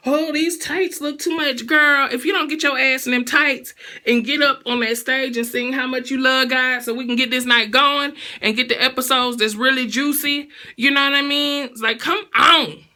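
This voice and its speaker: Sassy bright-voiced woman dishing gossip. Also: high-pitched, fairly even intonation, moderate pace. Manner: sassy, blunt, slangy. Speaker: show recap vlogger. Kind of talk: casual gossip recap.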